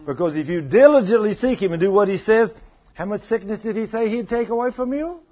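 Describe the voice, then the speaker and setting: A man's voice: sits high, animated, a little fast. A man preaching a folksy, conversational sermon and acting out the voices he quotes. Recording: muffled lo-fi recording.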